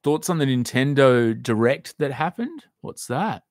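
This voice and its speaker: A man's voice: mid-range voice, big pitch swings, unhurried, no room sound, studio quality. A man hosting a live stream, answering viewer comments in a loose, rambling chat and swearing now and then. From Australia.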